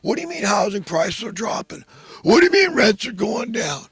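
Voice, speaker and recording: A man voicing a greedy, insatiable landlord who gloats and shouts his demands. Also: high voice, big pitch swings, normal speed, breathy edge, dry recording, heavily acted. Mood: gloating greedy.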